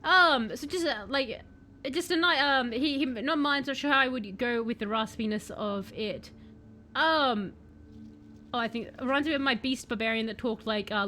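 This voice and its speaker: Animated high-voiced woman streamer. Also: slight background noise. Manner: animated, self-mocking, reads out chat messages. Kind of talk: let's-play commentary chatting with chat.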